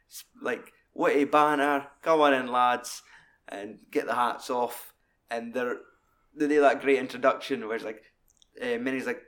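A man in casual film talk, swearing often and acting out lines from scenes. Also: mid-range voice. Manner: animated, sweary, acts out quotes.

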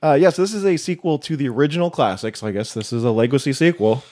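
A man's voice: medium pitch, fast, a little mellow. A man co-hosting a horror podcast, bantering and joking while relaying news items with plenty of fillers. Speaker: podcast co-host. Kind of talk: casual chat.

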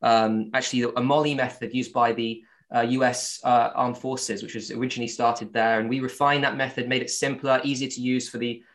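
Guy w a southern english accent, founder talking about his product, lots of ums and restarts, middle pitch. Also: level tone, fairly quick, hardly any pauses, fairly bright tone. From born in Virginia, raised with English accent. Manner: hesitant, many fillers and restarts. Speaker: company founder, guest. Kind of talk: casual interview answers.

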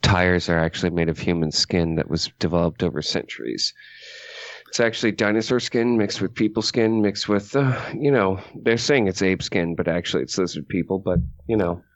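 A man co-hosting a comic podcast, joking and riffing in quick asides. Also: deep voice, fairly even intonation. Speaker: podcast co-host. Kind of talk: casual chat.

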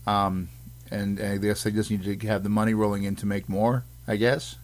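A man's voice: on the low side, level tone, normal speed. A man with a Boston accent hosting a podcast, chatting casually in a joking, rambling, self-mocking way. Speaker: podcast host.

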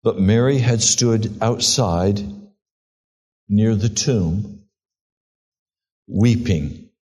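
A pastor preaching a sermon, reading scripture and retelling it in a slow, earnest storytelling way. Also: male voice, on the low side, darkish tone, slightly rough.

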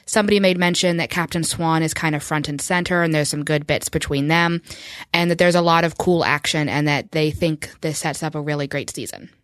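Low-voiced wry woman co-host. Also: fairly even intonation, fairly quick, fairly bright tone, dry recording, studio quality. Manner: chatty, wry, laughs often. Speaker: podcast co-host. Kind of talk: casual fan podcast chat.

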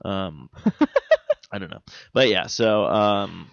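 A man hosting a casual podcast, joking and crude, often pausing with "uh" and "um". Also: lowish voice, huge pitch swings, vocal fry, dry recording, dull audio. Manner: joking, crude, fills pauses with "uh" and "um". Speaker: podcast host. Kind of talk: casual chat.

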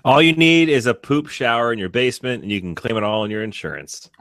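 A man co-hosting a podcast, chatting in a relaxed, matter-of-fact way. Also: mid-range voice, fast, no echo, studio quality. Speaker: podcast co-host. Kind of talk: casual chat.

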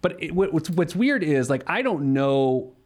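A man's voice: on the high side, very animated, unhurried. Chatty man hosting a money show. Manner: joking, rambling with many fillers. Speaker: host of a money advice show. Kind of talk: casual radio show banter.

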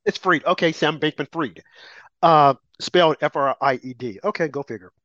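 A man's voice: fairly high pitch, moderate pace, dry recording, highs cut off. A man co-hosting a talk radio show, giving opinionated political commentary in a rambling way with restarts. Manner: rambling, restarts, animated rants.

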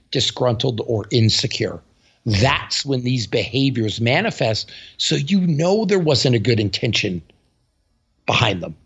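A man's voice: medium pitch, creaky, a bit bright, husky, dull audio. A man co-hosting a podcast in casual chat, telling stories bluntly and animatedly, with some swearing. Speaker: podcast co-host.

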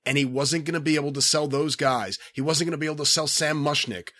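Male podcast co-host, slightly high voice, explains things clearly, dry close sound. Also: fast talker, sharp tone, no echo. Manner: fluent, explanatory, lays out history step by step. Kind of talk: casual chat.

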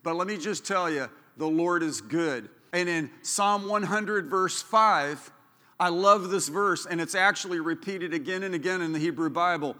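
Male pastor, fervent sermon, high voice, bright tone, echoey church hall. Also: normal speed. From Southern California. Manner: fervent preaching, building to loud declarations. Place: church sanctuary.

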